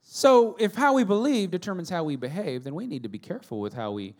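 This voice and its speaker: A middle-aged man preaching a sermon as a pastor, telling stories with humor and swinging between loud and hushed delivery. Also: sits high, lively intonation, quick pace.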